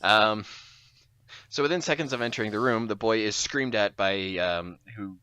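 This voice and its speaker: A man's voice: lowish voice, moderate pace, sharp tone, smooth, no echo. A man co-hosting a podcast, retelling a story in a wry, sarcastic casual chat. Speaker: podcast co-host.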